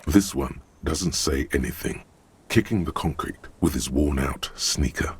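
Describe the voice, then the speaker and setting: An actor voicing a sardonic male inner voice that narrates a game in a dry, mocking way, with a gravelly tone. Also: rumbling low, a little slow, no room sound, exaggerated voice.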